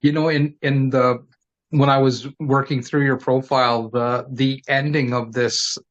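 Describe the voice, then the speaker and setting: A man interviewing a guest, asking questions in a slow, reflective way. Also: mid-range voice, flat delivery. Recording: dull lo-fi audio.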